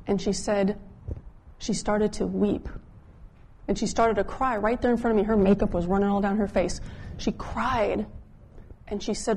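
A woman pastor telling a story in a conversational sermon, dropping her voice softer when she quotes people. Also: medium pitch, steady tone, normal speed, pauses often, slightly rough. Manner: conversational, drops softer when quoting others.

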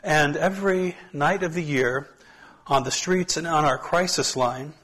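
A man speaking as a pastor in a relaxed, chatty talk to a church group, his voice a bit hoarse from allergies, on a hand mic. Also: fairly high pitch, a little slow. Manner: relaxed, chatty, self-deprecating asides.

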